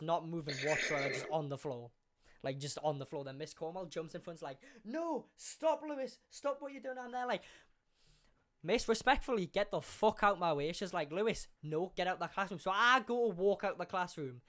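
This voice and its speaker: A young man, hosting a podcast and telling a school story in a casual, animated way, full of swearing and acted-out quotes. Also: a little high. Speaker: podcast host.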